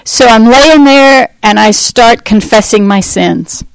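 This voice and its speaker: A woman's voice: a little high, takes it slowly, gravelly, smooth, no echo, low-quality recording. Woman telling a candid faith testimony. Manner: candid, emotional storytelling with frequent laughs. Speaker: testimony speaker.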